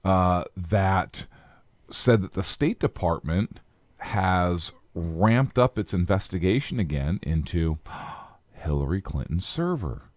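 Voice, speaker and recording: A man co-hosting a casual political talk show from a small studio, throwing in playful quick quips. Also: sits low, lively intonation, no room sound. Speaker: podcast co-host.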